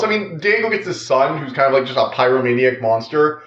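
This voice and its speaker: A man talks through a TV season in a loose, rambling review voice, leaning on "like" and restarting his sentences. His pitch sits in an ordinary middle range. The recording is roomy and a little dull. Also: expressive, brisk. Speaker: TV show reviewer. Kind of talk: casual spoken review.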